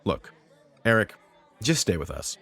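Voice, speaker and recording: A man's voice: on the low side, very animated, measured pace, vocal fry, sharp tone, heavily acted. A man voicing a boisterous father who is firm but loving with his son.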